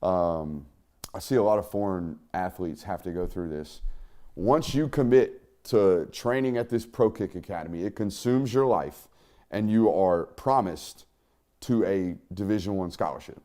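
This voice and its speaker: A man's voice: deep voice, measured pace, dark tone. A man hosting a casual sports talk show, chatty and loose, with frequent fillers and laughs. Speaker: podcast host.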